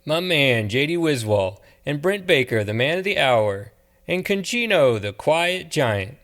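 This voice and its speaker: A man voicing an effusive, flirtatious male security guard in an audiobook, talking in an enthusiastic, flattering way. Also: mid-range voice, normal speed, lightly acted. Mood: hearty.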